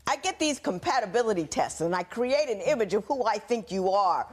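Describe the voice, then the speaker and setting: A woman judging and hosting a TV court show, wry and teasing and quick to laugh. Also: mid-range voice, lively intonation, breathy edge. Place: TV studio courtroom.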